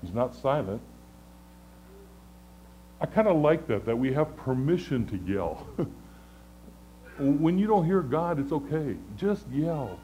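Earnest, halting male pastor preaching. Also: on the high side, very animated, slight background noise, low-quality recording. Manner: conversational, earnest, stammering restarts, swings from pleading to hushed. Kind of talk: sermon.

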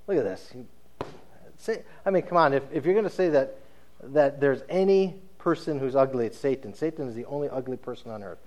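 A man's voice: medium pitch, fairly quick, a little mellow. A man preaching a sermon in a conversational storytelling way, often checking in with his listeners.

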